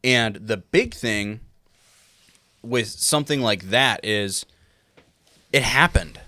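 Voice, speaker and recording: A man's voice: on the low side, takes it slowly, bright, forceful tone, dry recording. A documentary filmmaker, a man who laughs easily and explains things plainly in casual conversation.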